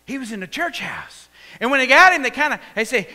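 A man with a Texan accent preaching a sermon, telling the story with animated delivery and acting out the voices. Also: very high-pitched, fairly quick. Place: church sanctuary. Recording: echoey church hall.

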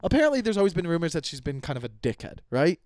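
A young man rants on his comedy podcast in a slightly high voice, swearing freely and tripping over his own sentences as he restarts them. The sound is close and dry, with no room around it. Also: very animated, very fast, a little mellow, dry recording. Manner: profane, rambling with many restarts. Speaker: podcast host. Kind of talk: casual comedic rant.

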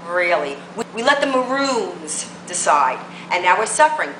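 A woman's voice: on the low side, big pitch swings, moderate pace, pushed and bright, reverberant, a little hiss or hum, rough recording. Fiery woman ranting to camera. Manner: combative, emphatic, rhetorical questions. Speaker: political blogger. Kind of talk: political rant to camera.

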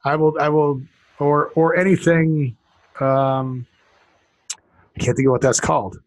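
A man's voice: fairly high pitch, steady tone, a little slow, dry recording, low-quality recording. A man co-hosting a podcast in casual chat, joking and rambling with lots of restarts. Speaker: podcast co-host.

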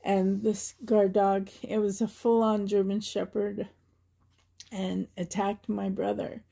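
A woman's voice: mid-range voice, flat delivery, takes it slowly, vocal fry, dark tone. A woman from Canada vlogging in a chatty, rambling way, often laughing and getting emotional. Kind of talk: casual chatty tag video.

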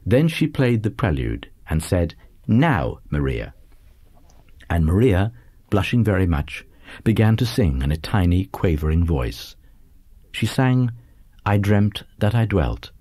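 A man narrating a literary audiobook in a measured, lively reading. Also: low voice, slightly rough, no echo.

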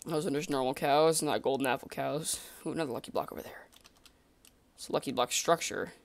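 A man giving casual let's-play commentary, excitable and talking to himself and the creatures in the game. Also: medium pitch, a little fast, creaky. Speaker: gamer.

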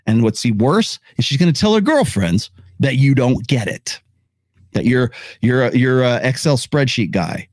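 A male podcast host giving casual, opinionated commentary, animated and blunt, with occasional swearing. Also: mid-range voice, no echo. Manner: animated, acts out quoted voices, swears.

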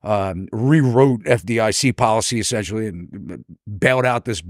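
A man's voice: lowish voice, moderate pace, no room sound. American guy hosting, rambly questions, lots of you-knows, dry close sound. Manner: rambling, hedging with many fillers. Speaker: podcast host, real estate broker. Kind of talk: interview questions.

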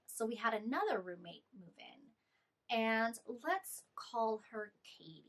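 A young woman vlogger telling an animated, exasperated storytime about a bad living situation. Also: a little high. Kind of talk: storytime vlog.

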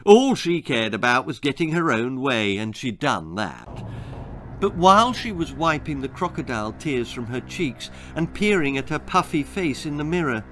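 A middle-aged man narrating his own children's story in an expressive, dramatic way. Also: medium pitch.

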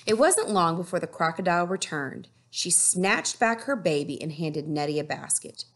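A woman teacher reading a picture book aloud to children, slow and expressive, stopping to ask the class questions. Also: on the low side. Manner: slow, expressive storytelling with asides to pupils.

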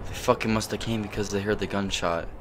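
A man's voice: lowish voice, steady tone, fast. A man giving sweary, frantic running commentary as he plays a game. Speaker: gameplay streamer. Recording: gunfire noise behind voice.

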